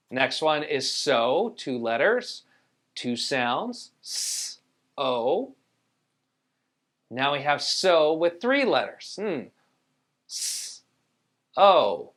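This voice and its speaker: A man's voice: fairly high pitch, a bit bright. A man teaching a spelling lesson, patiently explaining rules and sounding out each letter. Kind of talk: spelling tutorial.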